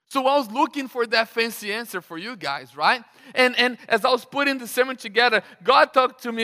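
Male preacher, high voice, rhetorical questions, repeated words, long hall echo. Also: a little fast, few pauses, sharp tone. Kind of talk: sermon.

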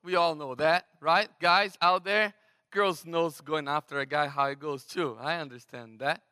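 A man from Brazil with a Brazilian Portuguese accent, preaching a sermon as pastor in a conversational, animated way with frequent restarts. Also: a little high, a little slow, clean tone. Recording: long hall reverb.

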